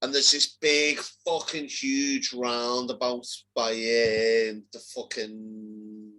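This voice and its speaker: A young man with a Liverpool accent, co-hosting a casual chat and telling sweary, animated stories. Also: medium pitch, takes it slowly, rough recording. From Liverpool, England. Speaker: co-host.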